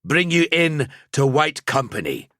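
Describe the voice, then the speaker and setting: A man's voice: a little high, big pitch swings, measured pace, a bit bright, dry recording, clean studio sound, voice pushed up. A male narrator voicing a veteran knight commander who speaks soberly and ceremonially. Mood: solemn.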